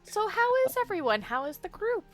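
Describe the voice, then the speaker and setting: A woman's voice: very high voice, big pitch swings, fairly quick, soft background music, pitched above the performer's own voice, full character voice. A woman doing a fussy, kindly shopkeeper lady. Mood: friendly. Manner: warm, fussy and polite.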